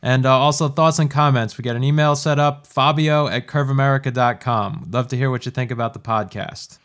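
A man hosts a podcast in a loose, chatty way. He fills pauses with "uh" and "um" and laughs easily along with his co-hosts. His voice sits at an ordinary middle pitch. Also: fairly even intonation, a bit bright. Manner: easygoing, laughs often, many fillers. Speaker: podcast host. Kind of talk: casual chat.

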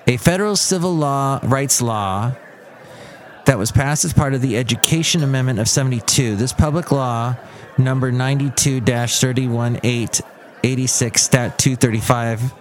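A man's voice: mid-range voice, normal speed, slight background noise. Rambling, jokey male podcast host. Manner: rambling, jokey, self-correcting. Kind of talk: casual solo podcast monologue.

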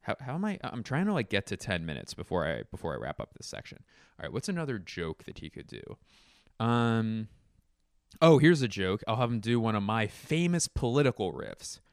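A man's voice: on the low side, very animated, normal speed, vocal fry, no echo, studio quality. A man hosting a comedy podcast, telling stories in a casual, rambling way and breaking off mid-sentence, with casual swearing. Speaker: podcast host.

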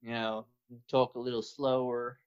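A man's voice: medium pitch, flat delivery, a little slow, clear, resonant tone. A man being interviewed as a podcast guest in casual chat, talking hesitantly with plenty of fillers. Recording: muffled lo-fi audio.

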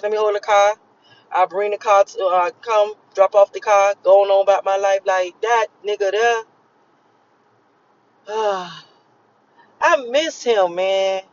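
Woman talking to her viewers from the car, rambly and cussing a lot, kinda emotional, muffled lo-fi sound. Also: mid-range voice. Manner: emotional, profane, repetitive storytelling with many fillers. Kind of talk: casual rambling monologue. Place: in a car while driving home.

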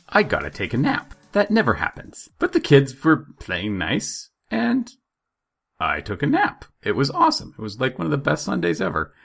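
A man's voice: sits low, gravelly, pushed and bright. A man in his thirties, co-hosting a casual chat and telling wry, joking stories. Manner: joking, wry storyteller who acts out quotes. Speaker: podcast co-host.

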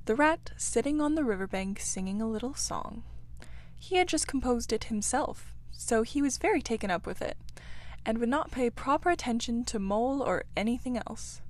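A woman reads a classic children's story aloud. Her delivery is gentle and measured, in a voice pitched slightly high. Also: animated. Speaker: audiobook reader. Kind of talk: storybook narration.

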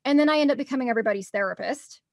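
A woman's voice: fairly high pitch, rapid-fire, darkish tone, no echo, clean studio sound. A young woman telling stories in a casual chat, bubbly and laughing often.

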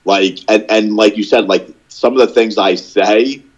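Rambling, low-voiced young man chatting. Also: steady tone, unhurried, muffled recording. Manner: rambling storyteller, lots of "like" fillers. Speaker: podcast co-host. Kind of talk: casual chat.

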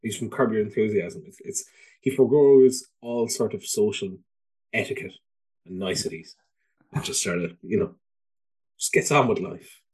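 Relaxed podcast host, a bit husky, lots of ums. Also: male voice, lowish voice, normal speed. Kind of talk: casual chat.

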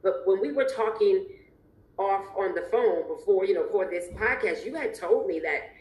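With a medium-pitched, darkish voice, the podcast host moves at a moderate pace with lively intonation. She talks emphatically and expressively, laughs a lot, and keeps the interview casual, while the room adds an echo.

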